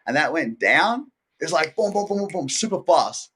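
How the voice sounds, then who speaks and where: A man's voice: a little high, very animated, moderate pace, bright, forceful tone, slight background noise. A man being interviewed, rambling in a laid-back way, saying "dude" and "like" a lot and acting out what others said. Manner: acts out quoted people in his story. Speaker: interview guest. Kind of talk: casual interview chat.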